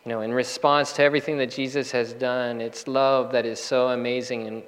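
A man preaching a sermon as pastor, earnest and measured, slowing down and pausing for emphasis. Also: medium pitch, little pitch movement, big-room sound, low-quality recording. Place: church.

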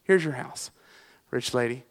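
A man voicing a calm, matter-of-fact angel in a sermon story, delivered plainly and deadpan. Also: medium pitch, a little slow, pitched below the performer's own voice, lightly acted.

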